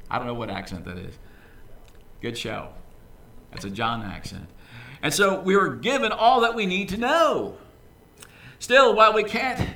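A man preaching a sermon as pastor, in a lively, conversational way with casual asides. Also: high-pitched. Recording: echoey room, voice from a distance.

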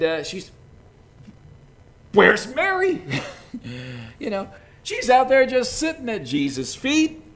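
A man preaching a conversational sermon in a folksy, chatty way, peppered with "you know.". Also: medium pitch.

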